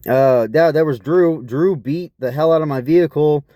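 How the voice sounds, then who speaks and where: A vlogger with a slightly high, warm voice speaks at normal speed with no room sound. He tells a rambling personal story in an aggrieved, profane way, repeatedly asking what is wrong with people.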